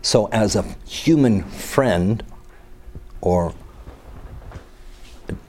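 A man leads a Bible study, reading scripture aloud and then commenting casually with rhetorical questions and teasing asides. His voice is lowish, animated and a little mellow, and he speaks extremely slowly. There's slight background noise.

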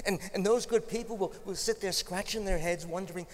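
Guy preaching, kinda high voice, chatty storytelling sermon, echoey church. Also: brisk, few pauses. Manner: conversational storytelling with humorous asides.

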